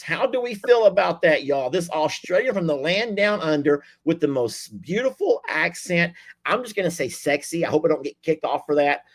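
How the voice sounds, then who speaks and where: A man hosting a livestream, chatting warmly with callers in a folksy, effusive way. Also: on the high side. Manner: folksy, effusive, lots of y'all and sweetie. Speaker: livestream host. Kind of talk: casual chat with callers.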